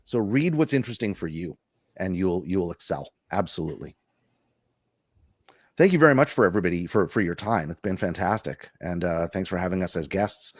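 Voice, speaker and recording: A man's voice: sits low, expressive, fairly quick, dry recording. Chatty, encouraging man, dry sound. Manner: encouraging, chatty, plain-spoken. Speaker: guest test-prep expert. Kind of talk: webinar advice and Q&A.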